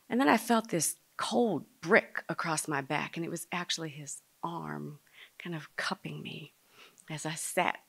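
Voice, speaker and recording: A woman telling a personal story to a live audience, dramatic and speaking straight to the listeners, sometimes dropping to a hush. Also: low-pitched, measured pace, gravelly, slightly rough. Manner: dramatic, drops to a hush at tender moments.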